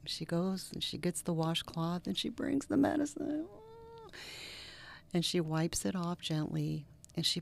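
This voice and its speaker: A middle-aged woman, a reverend, speaking as an interview guest and telling personal stories earnestly, now lively, now dropping to a soft near-whisper. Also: lowish voice, creaky. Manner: earnest, animated storyteller who drops to soft near-whispers. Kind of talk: interview conversation with personal storytelling.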